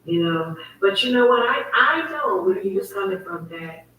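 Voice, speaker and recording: On her own online talk show, a female host with a mid-range, animated and slightly bright voice speaks at a normal pace. She tells a heated story in a casual livestream monologue, repeating herself emphatically, while a distant mic captures an echoey room and faint noise.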